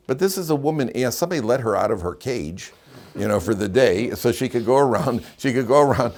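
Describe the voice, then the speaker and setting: Rabbi lecturing, repeating himself. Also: male voice, on the low side, expressive, fairly quick, darkish tone. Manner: repeats phrases while telling jokes and anecdotes. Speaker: rabbi teaching a weekly Torah class. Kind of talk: classroom lecture.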